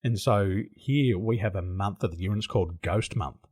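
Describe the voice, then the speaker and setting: Husky-voiced Australian man telling stories. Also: lowish voice, moderate pace. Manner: animated storyteller who laughs often. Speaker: podcast guest. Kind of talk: casual interview storytelling. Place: home in Taiwan.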